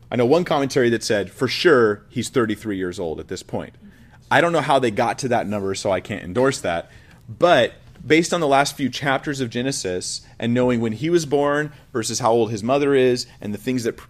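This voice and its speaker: A man preaching a Bible study, reading verses aloud and explaining them in an earnest, reflective way. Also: lowish voice. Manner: earnest, reflective, with frequent restarts. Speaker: pastor. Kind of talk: expository Bible teaching.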